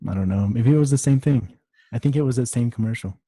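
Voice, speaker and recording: Husky, dark-voiced laid-back man. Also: mid-range voice, quick pace, dry recording. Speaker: podcast co-host. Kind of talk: casual chat.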